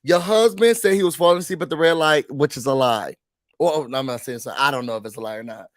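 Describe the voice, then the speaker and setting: A man giving a casual, exasperated rant to camera about a reality TV show. He talks straight at the people on the show and mimics them in quick put-on voices. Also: medium pitch, no room sound, studio quality. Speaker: reality TV reviewer.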